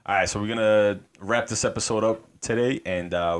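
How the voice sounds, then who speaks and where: A man's voice: fairly low pitch, steady tone, fairly quick, few pauses, clean tone. A man co-hosting a podcast in casual chat, laid-back and rambling, with lots of fillers and swearing. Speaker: podcast co-host.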